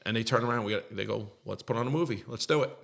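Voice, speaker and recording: Man, middle-aged, gravelly, low-pitched, earnest, repetitive storytelling, podcast guest. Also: fast talker, fairly bright tone. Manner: earnest, repetitive, gets choked up. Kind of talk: emotional storytelling in conversation.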